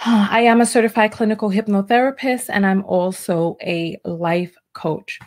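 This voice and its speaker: A woman's voice: steady tone, moderate pace, darkish tone. A woman relationship coach hosting a live stream, chatting and reading posts aloud, sometimes tripping over her words. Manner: chatty, stumbles over words, voices quoted texts with big pitch jumps. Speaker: relationship coach, livestream host. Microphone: livestream mic.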